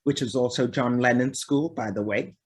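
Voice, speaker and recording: A woman from Liverpool with a softened Liverpool accent, a guest musician chatting casually in an interview. She talks easily, laughs often and trails off with ums. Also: a bass voice, moderate pace, slightly rough. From Liverpool, England.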